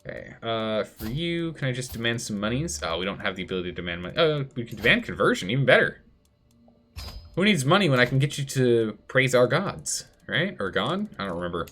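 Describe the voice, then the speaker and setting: A man's voice: medium pitch, big pitch swings, fairly quick, a bit bright. Chatty man streaming strategy gameplay. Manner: chatty, thinks aloud, reads chat. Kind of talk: live gameplay commentary.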